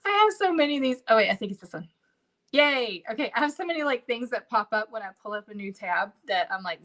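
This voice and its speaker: A woman's voice: on the high side, very animated, fairly quick, long pauses, a bit bright. A woman hosting a casual crafting livestream from home, chatty and bubbly, talking straight to her viewers. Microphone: livestream camera setup.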